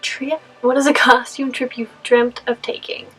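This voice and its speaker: A woman's voice: fairly high pitch, level tone, normal speed, a bit bright, slightly rough, faint music behind, low-quality recording. A young woman from California answering Q&A questions in a casual vlog, rambling with lots of fillers and laughs. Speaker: costume vlogger.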